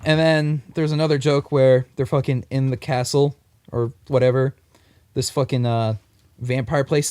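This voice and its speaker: A young man co-hosting a casual comic-book podcast, animated and swearing freely as he retells scenes in put-on voices. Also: dry recording. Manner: animated, swears freely, acts out quoted lines in higher voices. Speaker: podcast co-host. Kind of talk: casual chat.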